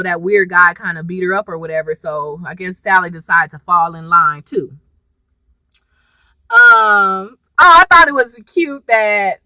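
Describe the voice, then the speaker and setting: A woman recapping a TV episode in casual chat, animated and slangy, talking straight to her viewers. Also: mid-range voice, no room sound, low-quality recording. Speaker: TV episode reviewer.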